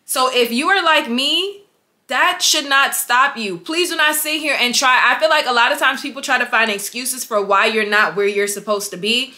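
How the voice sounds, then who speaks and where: A woman's voice: high voice, normal speed, pushed and bright. A young woman vlogging to her viewers, emphatic and repetitive, calling them y'all as she urges them on. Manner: emphatic, repeats herself, addresses viewers as y'all. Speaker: vlogger, business owner. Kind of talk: motivational vlog talk.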